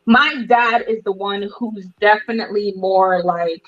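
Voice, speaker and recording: A woman born in the United States to parents, speaking as a guest in a casual, animated chat full of fillers. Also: medium pitch, measured pace. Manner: animated, chatty, lots of fillers. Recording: dull lo-fi audio.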